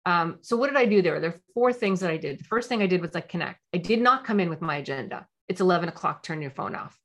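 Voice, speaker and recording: A woman's voice: fairly low pitch, expressive, fast talker, fairly bright tone. A woman parenting coach who explains a technique and repeats her points for stress.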